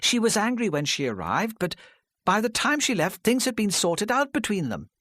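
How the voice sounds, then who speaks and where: Brief: man playing a jittery suspect's wife, high and strained, with lively pitch. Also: moderate pace, dry recording, clean studio sound, full character voice. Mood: guarded. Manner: high, tense and tearful. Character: nervous, evasive woman, a suspect's wife.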